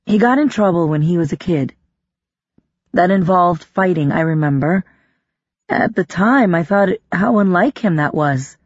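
A woman's voice: on the low side, animated, measured pace, slightly rough, dry recording, dull audio. A reader voicing a worried wife who speaks hesitantly and earnestly about her husband. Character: woman, wife of a crew member, worried.

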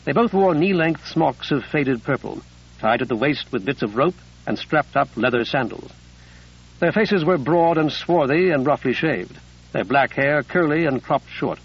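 Gravelly male audiobook narrator. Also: on the high side, dull audio. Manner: measured storytelling. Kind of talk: scripted narration.

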